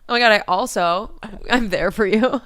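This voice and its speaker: A woman's voice: medium pitch, normal speed, a bit bright, dry recording, studio quality. A young woman co-hosting a podcast, rambling in casual chat and self-deprecating, with lots of "like" in her sentences. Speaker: podcast co-host.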